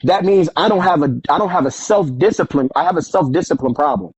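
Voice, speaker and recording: A man in relaxed conversation telling stories from his life, acting out what others said, with street slang. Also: a little high, fairly quick, breathy edge, dry recording, rough recording. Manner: animated, acts out quoted voices, street slang. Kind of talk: casual storytelling conversation.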